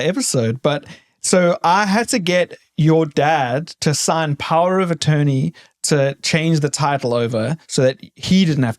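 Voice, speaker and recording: A man co-hosting a podcast, chatting casually and telling playful, rambling stories. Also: a little high. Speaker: podcast co-host. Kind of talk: casual chat.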